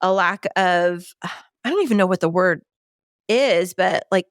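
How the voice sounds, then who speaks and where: A woman's voice: lowish voice, unhurried, dry recording, clean studio sound. A woman co-hosting a podcast, asking questions in a searching, thoughtful way and laughing often. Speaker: co-host. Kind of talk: casual podcast conversation.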